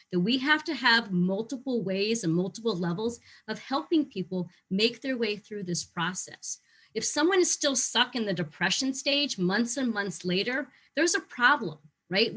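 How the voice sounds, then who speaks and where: A woman teaching a short online lesson on facility management, talking lively and acting out how staff react to change. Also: mid-range voice. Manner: lively, acts out staff reactions in quoted voices.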